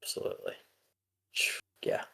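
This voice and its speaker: A man's voice: normal speed, in a whisper. A young man co-hosting a podcast, chatting casually, rambling with lots of fillers and frequent swearing. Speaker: podcast co-host.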